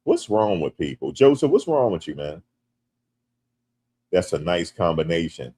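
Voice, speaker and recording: A man from the United States hosting a casual livestream. He reads viewer comments aloud and jokes back, turning loud and animated when teased. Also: low-pitched, a little slow, slightly rough. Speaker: livestream host.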